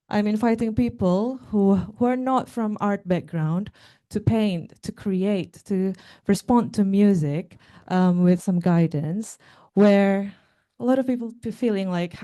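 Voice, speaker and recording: A young woman gives a talk with slides, speaking haltingly with fillers and restarts. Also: medium pitch, warm tone. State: out of breath. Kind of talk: conference talk.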